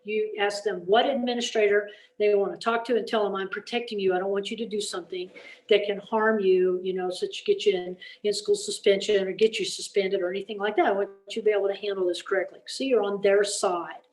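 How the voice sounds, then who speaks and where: A woman's voice: medium pitch, fairly even intonation, brisk. Folksy woman presenter in an echoey room. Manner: folksy, emphatic, peppered with "okay?". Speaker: teacher workshop presenter. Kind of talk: energetic classroom-management talk.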